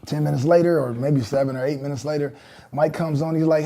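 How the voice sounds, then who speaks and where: Mellow-voiced man telling a story. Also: on the high side, fairly even intonation, fast talker, vocal fry. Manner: loose and chatty, full of fillers and acted-out quotes. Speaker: interview guest, rapper. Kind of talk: casual storytelling in an interview.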